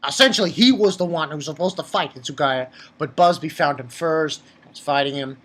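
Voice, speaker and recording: A man giving a casual, rambling review of a comic chapter, talking excitably and jumping up in pitch when he gets worked up. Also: brisk. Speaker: manga reviewer.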